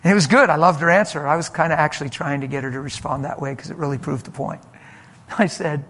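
A pastor preaches and recounts a story from his ministry, shifting between loud and soft with animated emphasis. He talks fast in a fairly high voice.

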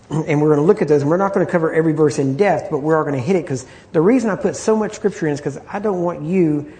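Mellow, throat-clearing male Bible teacher. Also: on the high side. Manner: conversational and repetitive, clears throat often. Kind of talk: informal Bible study teaching.

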